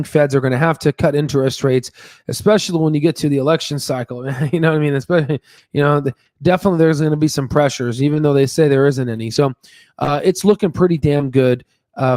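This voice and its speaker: A man's voice: on the high side, darkish tone, dry recording. Emphatic man, dry close sound. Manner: emphatic, repeats words, many fillers and tag questions. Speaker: stock market channel host. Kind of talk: casual stock analysis talk.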